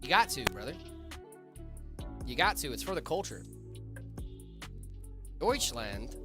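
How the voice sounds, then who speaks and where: A man's voice: medium pitch, sing-song, slow, over music. A man co-hosting a livestream in a joking, casual chat, reading out follows and viewer questions. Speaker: stream co-host.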